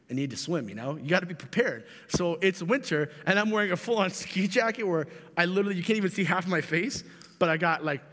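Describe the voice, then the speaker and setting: A young man giving a youth sermon, telling funny stories and speaking directly to his listeners in an animated way. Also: high-pitched. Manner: animated, jokey storyteller who addresses the audience directly. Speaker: youth pastor. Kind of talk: youth sermon with comic storytelling. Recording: reverberant hall.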